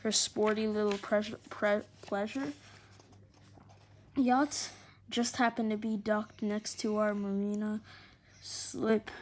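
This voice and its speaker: A woman reading a children's adventure novel aloud in an expressive, animated way. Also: mid-range voice. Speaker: storyteller.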